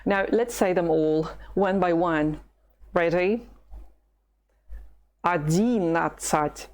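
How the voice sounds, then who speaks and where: A woman from Russia with a Russian accent, teaching pronunciation patiently and slowly, with drills to repeat. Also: on the low side, a little mellow, faint music behind. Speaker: language teacher. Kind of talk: slow, careful pronunciation lesson.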